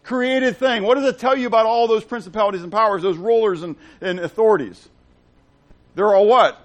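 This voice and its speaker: A man preaching a sermon in a casual style, asking the congregation rhetorical questions and swinging from hushed to loud and excited. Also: very high voice. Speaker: pastor.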